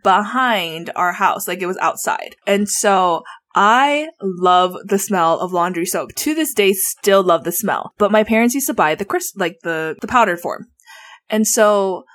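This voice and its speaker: A woman guest telling childhood stories in a casual, animated, giggly way, full of "like" fillers. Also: mid-range voice, a little slow. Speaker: interview guest. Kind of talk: casual storytelling.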